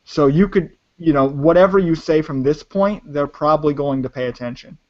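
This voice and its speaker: A man's voice: a little high, a little fast, darkish tone. A man narrating as game master of a tabletop game, talking hesitantly with many restarts. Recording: dull lo-fi audio.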